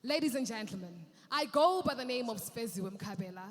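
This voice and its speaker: A woman's voice: on the high side, animated, brisk. Woman performing poetry. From South Africa. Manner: intense, swinging between pleading cries and hushed near-whispers. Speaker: pitching artist and performance poet. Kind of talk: dramatic spoken-word poetry. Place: large event hall. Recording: reverberant hall through a PA.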